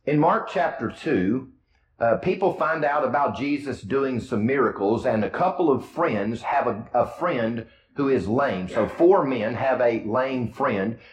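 A man's voice: medium pitch, animated, measured pace, reverberant, low-quality recording. A man preaching a sermon with a Midwestern American accent, retelling scripture in casual, storytelling words. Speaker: pastor.

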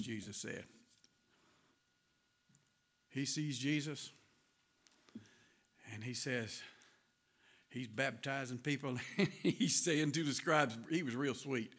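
A man's voice: medium pitch, takes it slowly, pauses often, a bit bright. A man with a Southern US accent preaching a sermon in a folksy storytelling way, laughing as he goes.

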